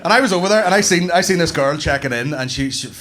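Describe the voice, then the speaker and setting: Brash young Northern Irish stand-up working the room; pitched a touch high, noisy live club sound. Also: male voice, expressive, quick pace. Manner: brash, sweary, conversational banter with the crowd. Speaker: stand-up comedian. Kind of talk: stand-up comedy set. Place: comedy club stage before a live audience. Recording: live club recording with clear background noise.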